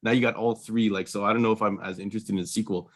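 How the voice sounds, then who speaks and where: A man's voice: fairly low pitch, steady tone, rapid-fire. A man co-hosting a podcast, chatting casually about a movie in a rambling way, full of fillers and restarts. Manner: rambling, filler-heavy, laughs easily. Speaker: podcast co-host. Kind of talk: casual movie review chat.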